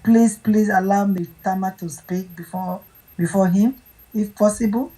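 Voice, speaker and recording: A woman in an online group audio chat, speaking quickly and insistently as she asks to speak. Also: medium pitch, steady tone, dark tone, poor audio. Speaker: participant in an online audio space.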